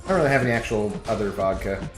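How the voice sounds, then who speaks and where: Streaming from home, a man rambles to his viewers while he plays, laughing often and reading chat out loud. His lowish voice is expressive and races along, and the audio has a roomy echo with faint music behind it.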